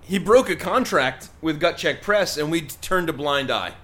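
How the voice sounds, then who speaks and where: A man's voice: a little high, lively intonation, a little slow, a bit bright. A man co-hosting a comedic talk show, joking and egging on his partner. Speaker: podcast co-host. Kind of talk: comedic banter.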